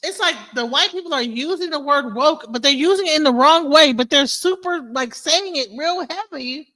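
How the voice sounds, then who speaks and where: A woman reacts to clips on her stream in loose, animated commentary. Her voice sits high and sounds bright and forceful, and her disbelief comes through as she talks straight to her viewers. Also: moderate pace. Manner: animated, incredulous, talks to viewers as "bro" and "y'all". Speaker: stream host.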